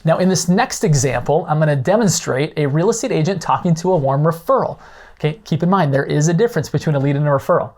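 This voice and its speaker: Fast and a little mellow, this man's slightly high voice walks listeners through real estate leads and referrals as a coach would. To illustrate, he performs short acted phone calls, role-playing the callers with some drama while keeping it explanatory.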